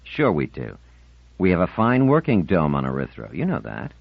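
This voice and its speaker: A man's voice: sits low, huge pitch swings, moderate pace, creaky, dry recording, full character voice. A man voicing a cheerful, teasing seventeen-year-old boy in an audiobook, breezy and light. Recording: dull lo-fi audiobook recording.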